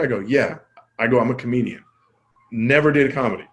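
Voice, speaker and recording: A male comedian telling a story as a podcast guest, casual and self-deprecating, acting out quoted dialogue with his voice jumping up and down. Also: fast talker. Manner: animated, acts out quoted dialogue with jumps in pitch.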